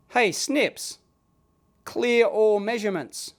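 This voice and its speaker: An Australian man hosting an electronics video, chatting casually and getting excited while he demos a gadget at his bench. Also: high-pitched, moderate pace. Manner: excitable, chatty, blokey slang.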